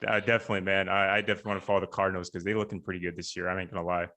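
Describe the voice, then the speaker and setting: A young man hosts a casual chat by video call, his voice sitting a little low. He talks in a relaxed, halting way and leans on fillers and restarts. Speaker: podcast host.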